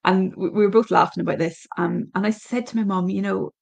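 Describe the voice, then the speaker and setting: A middle-aged Irish woman hosting a parenting podcast, talking in a thoughtful, hesitant way with many pauses and restarts. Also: medium pitch, gravelly, darkish tone, breathy edge. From Ireland. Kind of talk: reflective solo podcast talk.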